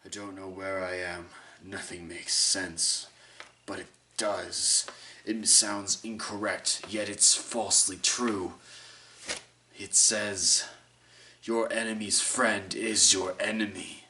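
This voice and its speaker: A man voicing a confused young male learner on a quest in an amateur audio story, reciting in a slow, measured way. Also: sits low, flat delivery, sharp tone, exaggerated voice. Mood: puzzled. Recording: echoey room, mic far off, faint hiss.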